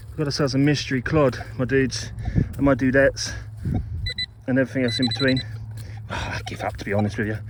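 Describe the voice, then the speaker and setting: A man's voice: medium pitch, fairly even intonation, fairly quick, pauses often, background noise. A man metal detecting outdoors, chatting playfully to camera and mock-scolding his finds. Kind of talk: casual talk to camera while detecting. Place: outdoors in a field.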